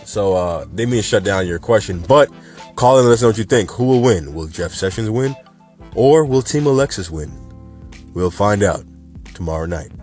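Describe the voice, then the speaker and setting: A man hosting a casual cannabis news show, talking in an animated, chatty and emphatic way. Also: fairly low pitch, moderate pace, soft background music.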